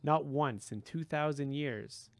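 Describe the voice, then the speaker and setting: A man playing a blunt, curious teenage boy who asks quick, wry questions. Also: a little high, vocal fry.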